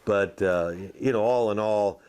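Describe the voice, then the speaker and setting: A man and former football player telling salty, animated anecdotes in a casual interview, full of fillers. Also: on the low side, a little slow, clear, resonant tone. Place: outdoors at a golf tournament.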